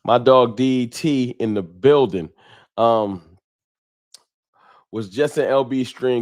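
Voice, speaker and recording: Casual man hosting a live stream. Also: mid-range voice. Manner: greets viewers by name with slang. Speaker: livestream host. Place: home room with a wall sign. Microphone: desk microphone.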